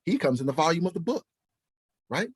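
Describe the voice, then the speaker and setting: A man's voice: on the high side, big pitch swings, fairly quick, slightly rough, no room sound. A man preaching and teaching from the Bible, who fires rhetorical questions at his listeners and keeps checking in with "right?". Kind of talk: preaching to camera.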